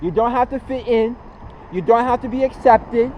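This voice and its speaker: A man's voice: very high-pitched, moderate pace, dull audio, slight background noise. A man in his twenties talking casually in a motivational monologue, earnest and repetitive, with lots of fillers. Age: 20s. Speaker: vlogger.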